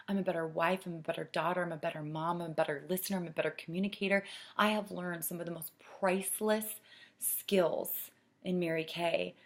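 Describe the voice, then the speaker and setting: A middle-aged woman coaching saleswomen, earnest and persuasive, dropping to a soft hush to stress a point. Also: lowish voice, steady tone, fairly quick. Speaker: sales director training consultants. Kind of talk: coaching talk with acted sales pitch.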